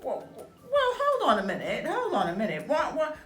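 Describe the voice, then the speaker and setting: A woman's voice: sits high, huge pitch swings, normal speed, a bit bright, distant mic, faint music behind, pitched above the performer's own voice, heavily acted. A woman voicing a polite, lonely male wolf in a storybook reading, pleading and hesitant. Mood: indignant. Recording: echoey room.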